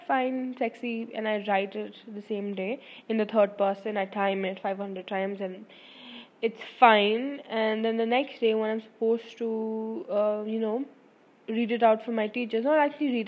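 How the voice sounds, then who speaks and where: A young woman, a student, telling a story in a fast, rambling way, full of fillers and self-corrections, and swearing casually. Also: mid-range voice, fairly even intonation. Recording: dull lo-fi recording.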